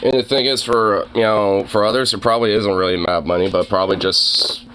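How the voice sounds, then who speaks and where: A man's voice: on the low side, fairly even intonation, brisk, background noise. A man streamer giving rambling, casual commentary on clips, with many fillers, swearing and laughs. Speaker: streamer reacting to videos.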